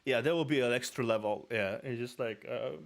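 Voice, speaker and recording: A man's voice: mid-range voice, a little fast, vocal fry. Russian-accented man rambling on stream. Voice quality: rolled R's. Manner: rambling, laughing, many restarts. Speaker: VTuber streamer. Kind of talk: casual reaction stream.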